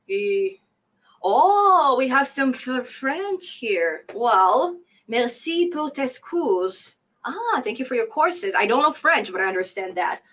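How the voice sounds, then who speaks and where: A woman's voice: sits high, sing-song, takes it slowly, fairly bright tone, low-quality recording. Chatty woman hosting a coding live stream. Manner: chatty, laughs often, repeats phrases for emphasis. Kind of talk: casual live-stream Q&A reading chat comments.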